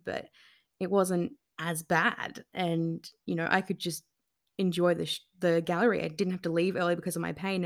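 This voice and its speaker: A woman's voice: on the low side, vocal fry. Candid woman speaking openly. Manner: open and emotional, with frequent fillers and restarts. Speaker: interview guest, artist. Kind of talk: candid conversational interview.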